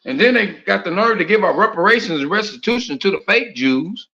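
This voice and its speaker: Bright, forceful, and high-pitched, this preacher talks a little fast with lively intonation, spinning streetwise slang and rhetorical questions into an informal talk. The audio is muffled and lo-fi with roomy echo.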